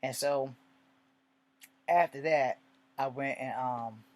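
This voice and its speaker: A man's voice: medium pitch, takes it slowly, darkish tone. Rambling, profane man telling a story. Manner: rambling and profane, with many asides. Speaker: vlogger telling a personal story. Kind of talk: casual storytelling.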